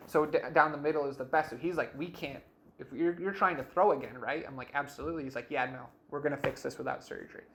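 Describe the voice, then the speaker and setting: A young man telling his life story in an interview, in a casual, animated way, full of "like" and "you know what I mean", and acting out the dialogue he quotes. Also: fairly high pitch, fast, vocal fry, a little hiss or hum. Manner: acts out quoted dialogue in shifting voices.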